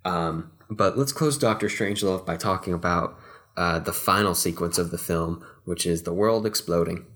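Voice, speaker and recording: Very deep-voiced Texan man, rambling. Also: normal speed, fairly bright tone. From Texas. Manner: rambling, many fillers and restarts. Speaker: podcast co-host. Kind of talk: casual film discussion.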